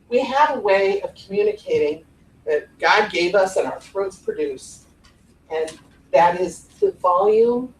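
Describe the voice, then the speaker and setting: An animated, playful woman from the Cleveland area presents a live workshop on podcast voice technique, demonstrating tones of voice. Her pitch is medium. The recording is roomy and distant, made in an echoey conference room with an audience and slight background noise.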